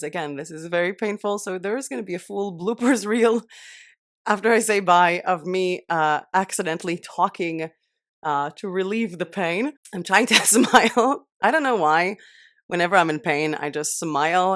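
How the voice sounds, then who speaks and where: A young woman vlogger with a somewhat low voice talks casually and at length. Sore wisdom teeth give her speech a slight lisp, and she jokes about it in a chatty, self-deprecating way. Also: moderate pace, no room sound, studio quality. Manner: chatty, self-deprecating, laughing through pain. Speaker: channel host. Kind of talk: casual vlog chat and bloopers.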